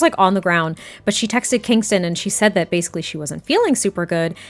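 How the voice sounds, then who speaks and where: A woman casually commenting on a life-sim game in a chatty, rambling way, often breaking into giggles. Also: mid-range voice. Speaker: gameplay commentator. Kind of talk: casual let's-play commentary.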